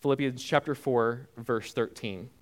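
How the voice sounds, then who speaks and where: A man preaching a sermon in a conversational, animated way, with frequent filler words. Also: mid-range voice, measured pace. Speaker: pastor.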